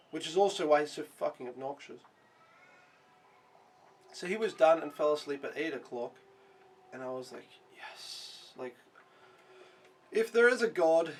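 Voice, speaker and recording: Young male vlogger, slightly high voice, casual rambling recap full of swearing and fillers. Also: slight background noise. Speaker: au pair vlogger.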